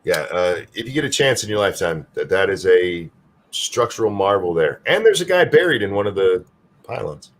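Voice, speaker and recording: A man's voice: sits low, big pitch swings, brisk. A man from Michigan co-hosting a live stream, talking bluntly and casually and swearing now and then. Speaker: co-host.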